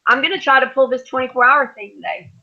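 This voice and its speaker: Bright-voiced woman, gravelly, muffled call. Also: high voice, quick pace. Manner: joking, swearing, laughs often. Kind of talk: casual group call chat. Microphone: online voice call.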